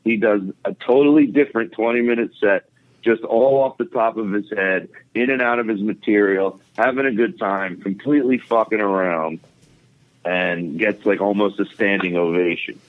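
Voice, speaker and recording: A man's voice: fairly low pitch, normal speed. A man, a comedian guest, telling a story in casual, profane chat with lots of fillers, over a tinny phone line. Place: home podcast setup.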